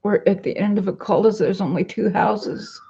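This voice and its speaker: Speaking into her computer's webcam mic from home, a woman vlogs casually, rambling in a downcast way and reading viewer comments aloud. Her mid-range voice is mellow and husky with vocal fry, at a normal speed. The audio is dull and lo-fi.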